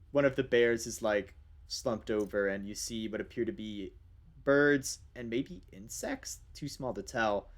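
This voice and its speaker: A man narrating as game master in a casual, rambling way, with many fillers. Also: lowish voice.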